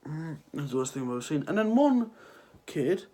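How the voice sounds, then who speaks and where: A man's voice: a little high, big pitch swings, brisk, mellow. A teenage lad with a cold, sniffling through a rambling, sarcastic rant to his viewers. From Ireland. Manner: sarcastic, rambling, swears freely. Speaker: vlogger. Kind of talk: casual ranting vlog.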